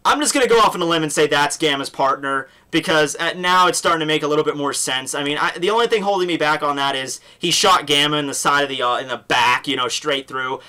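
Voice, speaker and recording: A man's voice: a little high, fast talker, few pauses, pushed and bright. A young man casually recapping a manga chapter, rambling with lots of fillers and restarts. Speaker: manga reviewer.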